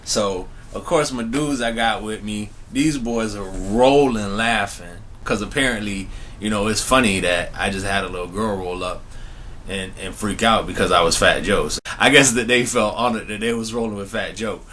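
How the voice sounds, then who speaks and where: Speaking to camera, this young man shares a personal story with his audience in an easygoing, slangy style and frequently talks straight to them. His pitch sits fairly low, his pace is ordinary, and his tone is sharp. A faint hiss or hum can be heard.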